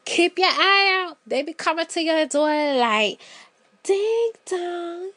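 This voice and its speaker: A woman's voice: extremely high pitch, lively intonation, unhurried, sharp tone, no room sound. A woman hosting a podcast solo, chatting playfully and telling stories straight to her listeners. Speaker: podcast host. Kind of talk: casual solo podcast chat.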